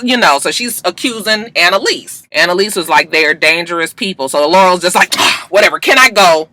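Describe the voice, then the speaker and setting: A woman's voice: on the low side, quick pace, few pauses, bright, forceful tone. A woman vlogger casually recapping TV episodes, swearing freely and acting out the characters' lines as she goes. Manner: profane, chatty, acts out quoted lines.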